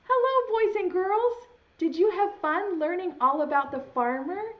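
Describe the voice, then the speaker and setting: A woman voicing a cheerful little pet bird puppet that greets children in a high, chirpy sing-song. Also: expressive, a little slow. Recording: dull lo-fi sound.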